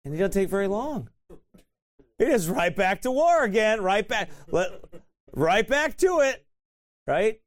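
A man's voice: sits high, expressive, normal speed. A man teaching a sermon in a conversational way, often tossing in "right?" and laughing at himself. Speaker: pastor.

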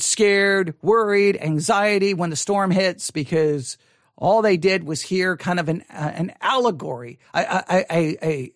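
A man's voice: high voice, dry recording, clean studio sound. A man leading a Bible study lesson, reading scripture aloud and talking it through in a conversational way, often restarting his sentences. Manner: conversational, reads scripture aloud, frequent restarts and repeated words; mildly critical of typical sermons.

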